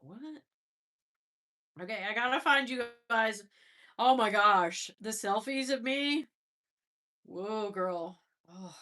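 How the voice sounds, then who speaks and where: Chatty middle-aged woman, bright voice. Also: medium pitch. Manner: chatty, laughing, exclaiming. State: stuffy nose after crying. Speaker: livestream host. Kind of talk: casual livestream chat.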